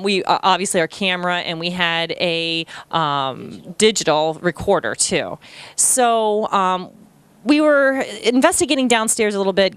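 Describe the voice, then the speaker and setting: A woman tells her ghost story in a smooth, clear voice, close and dry in a bed-and-breakfast inn. She talks in a chatty, animated way, full of ums and asides. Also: medium pitch, dry recording. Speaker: ghost hunter telling an encounter. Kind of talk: storytelling to an audience.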